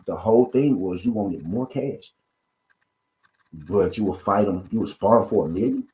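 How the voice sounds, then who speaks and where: A man's voice: fairly low pitch, normal speed, warm tone. A man hosting a boxing channel, giving a casual, repetitive commentary rant full of rhetorical questions to his viewers.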